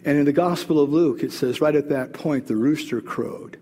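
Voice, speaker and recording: A pastor delivers a sermon with a high, light male voice. He retells scripture in plain, casual words. The sound carries a long reverb, as in a large hall. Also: moderate pace, dark tone, slight background noise.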